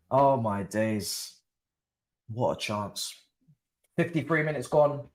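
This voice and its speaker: A man's voice: on the low side, unhurried, long pauses. A young man, commentating casually on a live football watchalong and chatting to his viewers in slang. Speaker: watchalong streamer.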